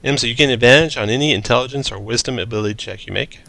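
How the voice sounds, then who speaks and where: Gravelly man running a tabletop game. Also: mid-range voice, racing, pushed and bright. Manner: descriptive narration with casual asides. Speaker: game master.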